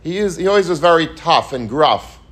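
A man's voice: a little high, expressive, fairly quick, a bit bright. A man teaching the weekly Torah portion, earnest and repetitive, asking rhetorical questions and mixing in Hebrew and Yiddish terms. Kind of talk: Torah lecture.

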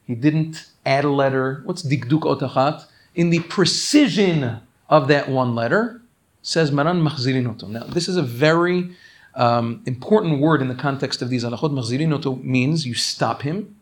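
Male Torah teacher, slightly high voice. Earnest and emphatic, quick readings followed by slow explanations. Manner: earnest, rapid-fire reading of quoted texts then slower explaining; emphatic, repeatedly urging listeners to pay attention. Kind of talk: recorded religious law class.

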